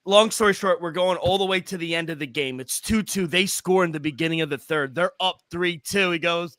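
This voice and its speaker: A man's voice: on the high side, brisk, fairly bright tone, no echo. A man co-hosting a sports betting podcast, telling a rambling, profane story in casual chat. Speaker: podcast co-host.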